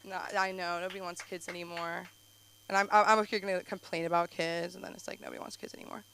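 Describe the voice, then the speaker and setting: A young woman hosting a live stand-up night on a club stage. Her voice is bright and forward, and she rambles through self-deprecating jokes with quick asides. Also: lowish voice, little pitch movement, vocal fry, a little hiss or hum, rough recording. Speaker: stand-up comic and show host.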